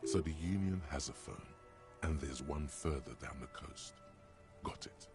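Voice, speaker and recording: A man's voice: a bass voice, a little slow, loud music behind the voice. A man voicing the sardonic, commanding inner voice of a male detective in a video game.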